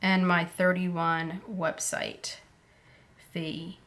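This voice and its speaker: A woman talking casually through her budget planner, unhurried and thinking aloud with fillers as she goes. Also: fairly low pitch, flat delivery, a bit bright. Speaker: planner vlogger.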